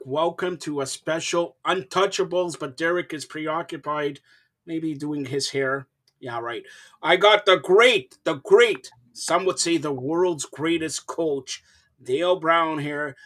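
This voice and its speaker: A male talk show host with a high voice who bursts with energy, tripping over and repeating his words as he jokes with guests. The recording is dry and close, with no room sound. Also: moderate pace, no room sound. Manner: excitable, stammering repeats. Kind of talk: casual sports talk show.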